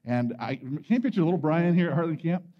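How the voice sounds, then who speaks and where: A man preaching at a youth camp, telling a personal story with big acted-out moments and shouts. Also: fairly high pitch, quick pace, long reverb tail, lo-fi sound. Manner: animated storytelling, acting out his younger self with shouts. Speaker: camp speaker.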